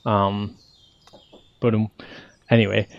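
A man's voice: on the low side, little pitch movement, slow, gravelly, no room sound, lo-fi sound. A man narrating as game master, rambling and correcting himself as he explains the scene.

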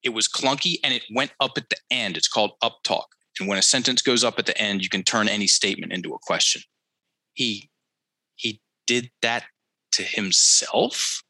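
A man with a low, forceful, sharp-edged voice, telling a story as a podcast guest. He leans on key phrases and repeats them for emphasis. He turns to the listeners like a teacher. The sound is dry and close. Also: fast, few pauses, no echo, low-quality recording. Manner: addresses listeners directly, teacherly. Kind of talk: conversational storytelling.

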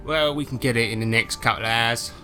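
Man voicing a pushy drone salesman, chatty, bright tone, faint music. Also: mid-range voice, fairly even intonation, fast. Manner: cheeky matey sales patter.

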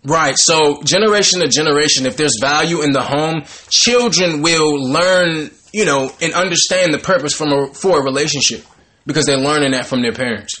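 A man leading a Bible study, commenting on scripture in a casual, animated preaching manner. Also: on the high side, moderate pace. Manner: animated, conversational, breaks into laughter and mock voices.

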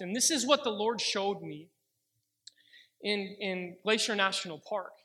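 Young male preacher, high and bright, earnest testimony, slows down for quoted prayers. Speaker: pastor. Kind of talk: sermon with personal testimony.

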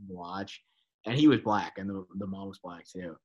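A man's voice: low voice, moderate pace, rough recording. A man co-hosts a casual podcast and tells stories animatedly. He peppers his talk with "like" and "dude" and swears easily. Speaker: podcast co-host.

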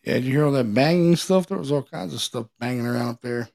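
A man's voice: medium pitch, quick pace, vocal fry, a little mellow. A man co-hosting a podcast, retelling a ghost hunt in a rambling way full of fillers. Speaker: co-host. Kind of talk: casual podcast storytelling.

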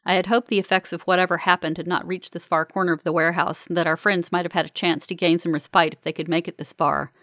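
Calm, low-voiced woman narrating. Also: fast talker, few pauses, no room sound, studio quality. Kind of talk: first-person audiobook narration.

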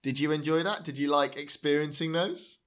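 Bright-voiced, sweary podcast host. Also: male voice, a little high, fairly quick. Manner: playful, swears freely, reads reviews aloud mockingly. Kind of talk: casual podcast banter.

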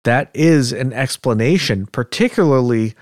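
A man's voice: mid-range voice, moderate pace, dry recording, studio quality. Laid-back male podcast host. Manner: easygoing, chuckles often between points. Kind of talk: casual chat.

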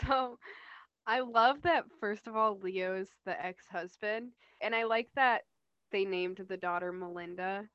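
A woman's voice: mid-range voice, takes it slowly, a bit bright, smooth, no room sound, highs cut off. A young woman co-hosting a podcast, chatting casually and relaxedly about a TV episode, giggling and using fillers. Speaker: podcast co-host.

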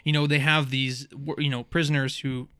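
A man's voice: medium pitch, level tone, normal speed, pushed and bright, clean tone, dry recording, clean studio sound. A man in a casual podcast chat, recapping a TV episode in a rambling way with many fillers and restarts. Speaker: podcast co-host.

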